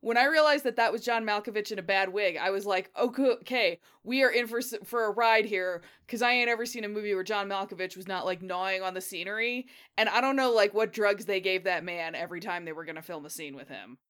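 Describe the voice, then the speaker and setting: A woman with a bright, clear voice joking through a movie discussion. Her tone is wry and casual, with a bit of swearing and laughter mixed into her talk. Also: mid-range voice, fast, few pauses. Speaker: podcast co-host. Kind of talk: casual movie-review chat.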